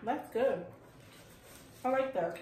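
A woman's voice: a little high, slow, a little mellow. A woman chatting casually while eating on a food review show, playfully anxious about unfamiliar food. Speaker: co-host. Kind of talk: casual mukbang chat. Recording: echoey room, mic at a distance, noisy.

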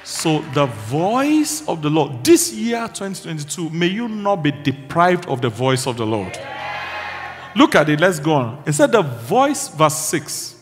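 A male pastor delivering a fervent sermon, building to shouted declarations of faith. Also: on the high side, very animated, a little slow. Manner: impassioned preaching with shouted declarations. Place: church hall. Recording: reverberant hall with faint music.

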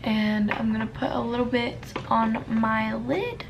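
A woman's voice: on the high side, fairly even intonation, a little slow, creaky, dull audio, background noise. A young woman talking her way through a makeup tutorial in a casual, self-deprecating and flustered way, muttering to herself. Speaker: beauty vlogger.

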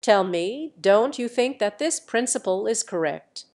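A woman reading the part of a brash, easygoing young male martial hero who talks in a calm, lecturing, self-assured way. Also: mid-range voice, unhurried.

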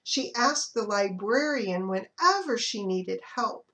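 A woman librarian reading picture books aloud to toddlers, in an expressive, animated storytelling manner. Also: medium pitch, slow. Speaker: children's librarian.

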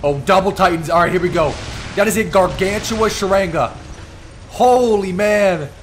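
A man giving excitable live commentary over his own gameplay, teasing and taunting the opponents as he plays. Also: high voice, a little fast, slight background noise. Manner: excitable, trash-talking the enemies. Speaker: gaming YouTuber.

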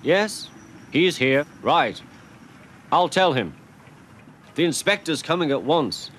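A matter-of-fact railway signalman passing on orders in a clipped, brisk way, as a storyteller voices him. Soft music runs underneath. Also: a little high, animated, slight background noise, voice pushed up.

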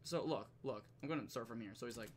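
A man's voice: medium pitch, quick pace, a little hiss or hum. A man streaming, ranting casually with lots of swearing and laughter. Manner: profane, animated, laughs often.

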